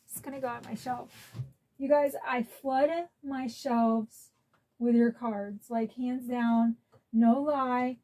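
A woman talks through a casual unboxing vlog at home in a slightly raised pitch. She is chatty and openly emotional, sometimes close to tears. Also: fairly even intonation, takes it slowly, mellow. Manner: chatty and emotional, tearful at times. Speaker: collector channel host.

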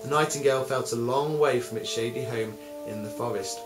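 A man's voice: mid-range voice, brisk. Man telling a story over music. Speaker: music teacher. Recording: roomy, with music behind.

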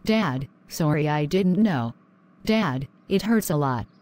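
A woman voicing a young married wife in an animated drama, pleading and worn down. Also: low-pitched, takes it slowly.

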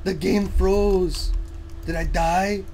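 A young man casually commenting on a horror game as he plays, full of slang and swearing, now and then yelling in panic. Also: high voice, steady tone, takes it slowly, heavy background noise. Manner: profane, slangy, keeps saying "dog", yells in panic at scares. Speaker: gameplay streamer. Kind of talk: casual let's play commentary. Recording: loud game music behind the voice.

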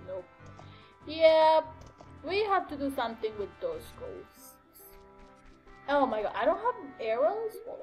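Young woman, gaming commentary, chatty, scattered, fillers, slightly high voice, faint music behind. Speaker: gaming channel host. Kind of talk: casual let's-play commentary.

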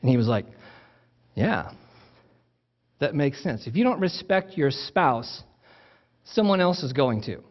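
A man's voice: fairly high pitch, very animated, measured pace, long pauses, highs cut off. A man preaching a sermon in a conversational, teaching way, often restarting his phrases. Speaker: pastor.

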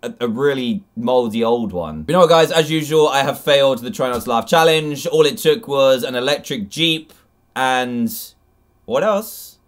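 A young man with an English accent hosts a YouTube video reacting to funny clips, exclaiming and laughing in an animated way as he commentates. His voice is medium-pitched at a moderate pace.

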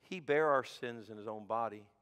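A man preaching a sermon as pastor, swinging from shouted peaks to hushed low asides. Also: normal speed, clear, resonant tone. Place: church sanctuary. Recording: sanctuary with long reverb.

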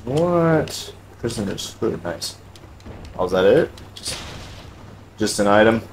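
A man playing a video game live, cursing often and breaking into loud, high-pitched outbursts. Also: animated, slow, slight background noise. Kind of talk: swearing live game commentary.

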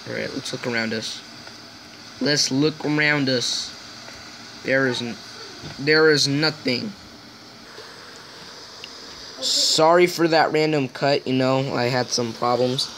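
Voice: mid-range voice, takes it slowly, long pauses, fairly bright tone, slight background noise. A gaming video host giving casual, rambling gameplay commentary, joking and poking fun at themselves. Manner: joking, rambling, self-mocking.

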